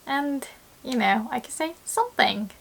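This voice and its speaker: A young woman teaching a lesson, often laughing and acting out quoted lines in a lively way. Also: sits high, measured pace, gravelly, slightly rough. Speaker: Japanese language teacher. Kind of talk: online language lesson.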